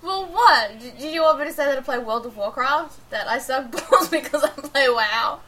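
A woman's voice: sits high, lively intonation, moderate pace, a bit bright, slight background noise. A woman chatting casually about video games, giggly and rambling with many hesitations.

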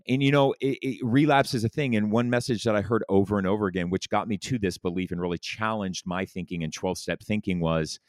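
A man telling his recovery stories in a candid, animated way, stressing words hard and swearing freely. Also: on the low side, fast talker, few pauses, no room sound, studio quality. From lived in New York City. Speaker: guest in recovery, news anchor. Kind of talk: candid conversational storytelling.

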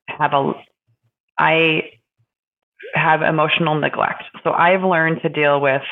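Gravelly woman on a tinny line. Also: low voice. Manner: halting, thoughtful, many pauses and fillers. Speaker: podcast co-host. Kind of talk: casual reflective conversation.

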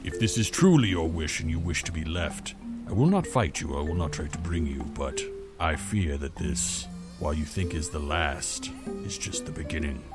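Grave companion, played by a man: very deep, expressive, deliberate, over loud music. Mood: solemn.

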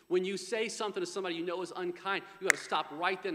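A man preaching with a high, bright voice that rings out across a large reverberant hall. He drives his points home by repeating key phrases and softens into hushed tones when voicing prayers. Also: quick pace, hardly any pauses, slight background noise. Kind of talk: sermon.

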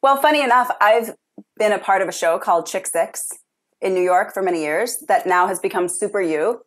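A woman with a middle-range voice answers interview questions. She sounds frank and animated, and she speaks casually. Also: medium pitch, fairly quick. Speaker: interview guest, stage performer.

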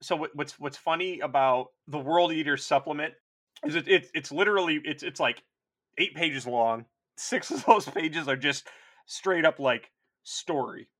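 A man's voice: a little high, normal speed, a bit bright. A man co-hosting a podcast in casual chat, rambling, profane and enthusiastic. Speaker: podcast co-host.

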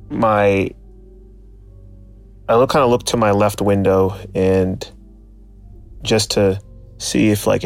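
A man's voice: fairly low pitch, creaky. A man casually telling a personal story, reflective and searching for his words. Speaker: guest storyteller.

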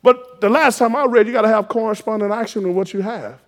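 A man preaching a sermon, exhorting his listeners and rising to loud emphatic peaks. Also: high voice, quick pace. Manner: exhorting, call-and-response rising to shouted emphasis.

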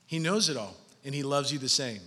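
A man in his thirties preaching a sermon, animated, shifting from soft and low to loud and high. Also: brisk, breathy edge. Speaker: pastor. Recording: long hall reverb.

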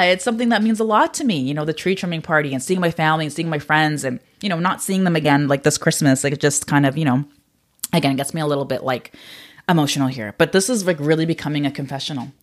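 A woman hosting a wellness podcast, talking in a casual, candid way with many fillers and frequent laughs, a little choked up at times. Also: sits low. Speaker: podcast host. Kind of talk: casual solo podcast talk.

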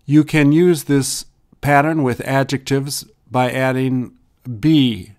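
A man reading English example sentences and brief explanations in a measured, deliberate way, as a language teacher. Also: medium pitch, fairly even intonation, a little mellow. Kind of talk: slow scripted language drill.

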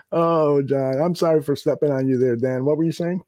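Man, sports podcast co-host, fairly high voice, swears, laughs often, dry close mic. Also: animated, measured pace, dark tone, no echo. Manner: profane, exasperated, laughs a lot. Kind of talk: casual sports podcast chat.

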